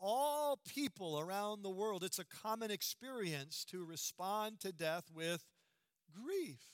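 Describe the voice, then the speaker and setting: A man preaching a sermon in an earnest, emphatic way, slowing down and dropping to a hush on key words. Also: high voice, animated, smooth, no echo, studio quality.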